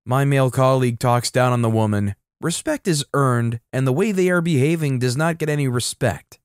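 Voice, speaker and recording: A man narrating a story in a steady, matter-of-fact scripted reading. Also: mid-range voice, moderate pace, hardly any pauses, smooth, dry recording, studio quality.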